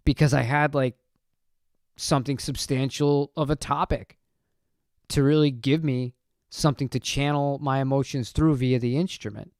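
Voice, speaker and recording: A man with a smooth, clear, slightly higher voice chats casually on a live stream. He rambles from point to point, answers viewers, and keeps a friendly talky flow. The sound is close and dry. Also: dry recording. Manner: rambling, chatty, reads chat aloud. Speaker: channel host.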